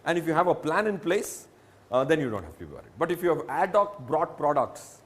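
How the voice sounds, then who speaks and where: A man's voice: on the high side, very animated, fairly quick. A man with an Indian English accent explaining personal finance emphatically, using examples. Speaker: financial advisor. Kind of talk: reassuring public talk.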